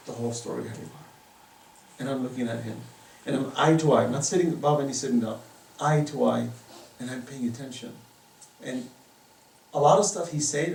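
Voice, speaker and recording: A gravelly, mid-range male voice belongs to an Islamic lecturer giving a passionate talk in a private home, interlacing stories with moral teaching. His loudness varies widely, and the recording is far-off and echoey with faint noise.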